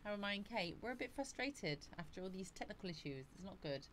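A woman's voice: medium pitch, lively intonation, brisk, fairly bright tone, a little hiss or hum. A woman on a casual livestream, chatting breezily, greeting viewers by name and laughing often. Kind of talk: casual live chat reading out viewer comments.

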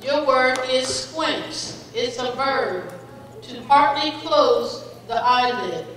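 A woman with a high, bright voice announces spelling words at an unhurried pace, spelling out each definition and example sentence carefully. She sounds far from the microphone in a big echoey hall with a long reverb tail and faint background noise. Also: animated. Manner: slow, deliberate, encouraging, calls contestants "friend". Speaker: spelling bee pronouncer. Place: school auditorium.

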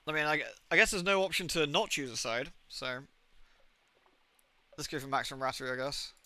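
Game streamer, a man who thinks aloud and reads narration in a fairly high, bright voice. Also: brisk, smooth. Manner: chatty, thinking aloud, asks viewers. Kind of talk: live-stream gameplay with read-aloud narration.

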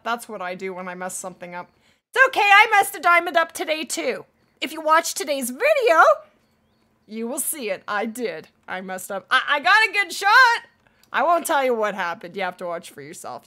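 High, lively woman streamer. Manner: chatty, thanks viewers warmly by name. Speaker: live streamer. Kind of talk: casual live-stream chat.

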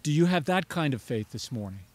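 A man's voice: fairly high pitch, expressive, fairly quick, a little mellow, dry recording. A man preaching a sermon as pastor, earnest and rising to emphatic pleading on key phrases.

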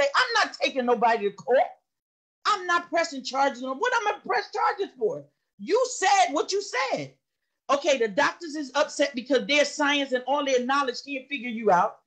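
High-voiced woman giving impassioned testimony. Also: very animated, normal speed, a bit bright. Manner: impassioned, repetitive storytelling. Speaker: study session participant. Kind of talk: personal testimony.

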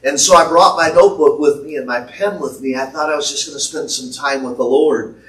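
A man preaching a prophetic sermon from the pulpit, slowly declaiming words he says he heard from the Lord. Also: on the high side, fairly bright tone. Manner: slow, declaiming prophecy in the Lord's voice with rising intensity. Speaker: pastor. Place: church sanctuary. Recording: echoey church from far off.

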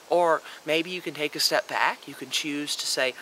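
Young male vlogger, higher voice with a very sharp, forceful edge, emphatic lecturing monologue, swears freely, faint hiss behind. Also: moderate pace, hardly any pauses, rough recording. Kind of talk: opinionated monologue.

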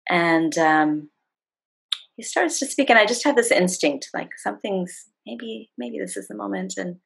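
Low husky woman with a gravelly edge. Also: poor audio. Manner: warm, animated retelling with acted-out quotes. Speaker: facilitator and guest. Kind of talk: storytelling in a conversation.

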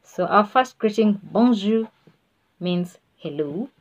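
A woman's voice: medium pitch, animated, slow pace. A woman teaching a beginner language lesson, patient and repeating words for the learner to follow. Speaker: French teacher. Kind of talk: slow spoken language lesson.

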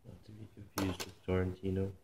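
Fast, flat-voiced male helper, dry jokes, loud shop noise. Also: sits low. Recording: noisy shop recording.

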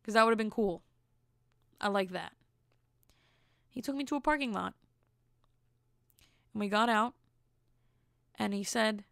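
A woman's voice: medium pitch, a little slow, vocal fry, pauses often, dry recording, studio quality. A young woman hosting a solo podcast, telling a dating story bluntly and acting out the quotes as she goes. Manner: animated, acts out quotes. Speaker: podcast host. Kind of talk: casual solo podcast monologue.

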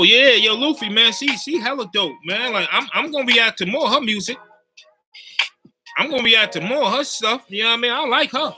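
A man with a strikingly bright, sharp voice chats loosely with his stream viewers. His talk is slangy and animated, and he keeps looping back to check that they follow him. Faint music plays underneath. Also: very high-pitched, fairly quick. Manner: slangy, animated, keeps checking in with "you know what I mean". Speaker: YouTuber live-chatting with viewers. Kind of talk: casual livestream chat.

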